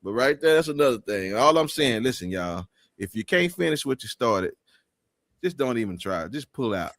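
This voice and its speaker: A gravelly-voiced man co-hosts a loose comedic talk show, teasing the others and laughing through his asides. His pitch swings widely, and the sound is dry and close. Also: very animated, moderate pace, fairly bright tone, no echo. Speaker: co-host.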